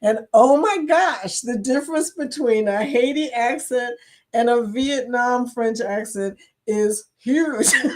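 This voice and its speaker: A woman's voice: a little high, animated, unhurried. Chatty, giggly woman hosting a live chat. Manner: chatty, silly, laughs often. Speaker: livestream host. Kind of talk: casual live chat reading comments.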